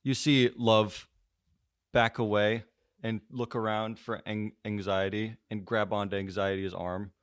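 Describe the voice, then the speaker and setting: Man, player narration, slow, relaxed, fillers, dry. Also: on the low side, clear, resonant tone, no echo. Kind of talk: in-character narration in a tabletop game.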